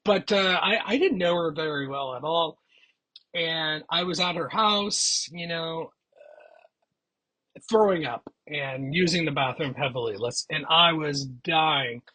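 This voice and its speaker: Husky, bright-voiced man telling a story. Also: fairly high pitch, unhurried, rough recording. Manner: chatty, rambling with frequent restarts. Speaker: vlogger. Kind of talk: casual storytelling.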